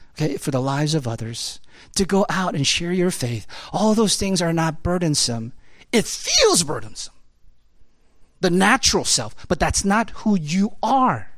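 Pastor, sermon delivery, lively pitch swings, dry close sound, punchy rhetorical questions. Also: dry recording. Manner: emphatic, rapid-fire rhetorical questions; conversational, repeats key phrases.

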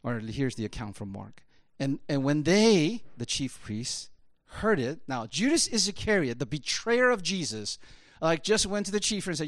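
A pastor giving a conversational sermon in an animated, rhetorical way, often tossing in quick asides to the listeners. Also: male voice, fairly high pitch, no room sound, clean studio sound.

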